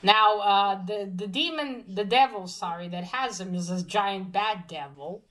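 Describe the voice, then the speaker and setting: A woman's voice: medium pitch, a little slow, fairly bright tone, poor audio. A woman giving a casual spoken manga review, rambling through the plot with many fillers and restarts, then gushing over the art. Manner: gushing when pointing out cute art.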